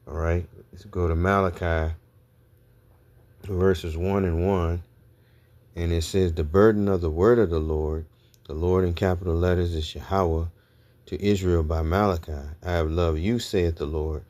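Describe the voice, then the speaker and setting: Deep-voiced man preaching from scripture. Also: darkish tone. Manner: reads scripture aloud, peppers talk with "all right?" and "okay?". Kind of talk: scripture teaching sermon.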